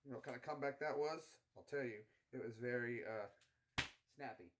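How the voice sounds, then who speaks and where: A man's voice: mid-range voice, a little fast, background noise. A man co-hosting a let's play in casual banter, jokey and laughing often.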